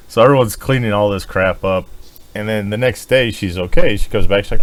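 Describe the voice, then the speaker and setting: A man co-hosting a podcast, telling a crude, animated story with lots of swearing and laughing. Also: lowish voice, normal speed, a little hiss or hum. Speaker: podcast co-host. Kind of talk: casual chat.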